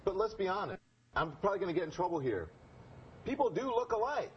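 Man, news anchor, quick chatty storyteller, dull broadcast audio. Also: high-pitched, very animated, a little hiss or hum. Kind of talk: on-air conversation.

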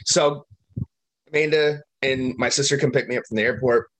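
A man with a mid-range voice speaks at a moderate pace while co-hosting a podcast. He tells a long travel story in casual chat, animated and profane.

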